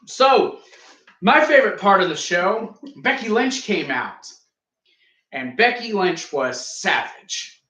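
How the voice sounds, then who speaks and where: Young guy ranting about wrestling on a podcast, high lively voice, echoey room. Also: takes it slowly. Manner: boastful, joking, ranting. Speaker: podcast co-host. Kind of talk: casual wrestling review chat.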